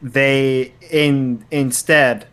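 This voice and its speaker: A man's voice: mid-range voice, fairly even intonation, extremely slow, a bit bright, smooth. A man on a casual gaming podcast, giving blunt, matter-of-fact opinions. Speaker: podcast co-host.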